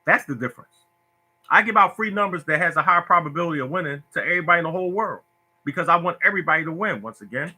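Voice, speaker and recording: Man, preachy, repetitive, emotional, very bright tone. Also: on the high side, expressive, rapid-fire. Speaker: lottery tips host. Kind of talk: casual Facebook live talk. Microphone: phone.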